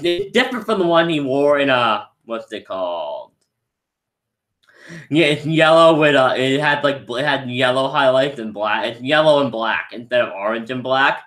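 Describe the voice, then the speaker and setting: A man's voice: medium pitch, fairly bright tone. A young man rambling enthusiastically through a casual live movie review, often restarting his sentences. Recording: roomy echo.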